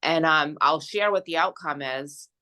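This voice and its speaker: A woman co-hosting a casual chat about manifesting and energy healing, speaking in a gentle, reassuring way. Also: low-pitched, measured pace. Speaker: podcast co-host, energy healer. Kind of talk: casual chat, guided meditation.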